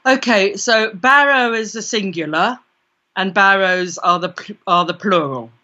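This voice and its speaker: A British woman tells a personal story as an interview guest. Her voice is bright and forceful, and she brings the tale to life by quoting her own thoughts. The sound is dull and lo-fi. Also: mid-range voice, a little slow. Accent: British English. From Britain. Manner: vivid first-person storytelling with quoted inner voices. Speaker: guest, parapsychologist. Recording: dull lo-fi recording.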